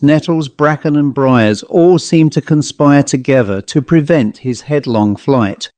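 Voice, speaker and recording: A man narrating a ghost story as an audiobook, in a measured, steady way. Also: medium pitch, no echo.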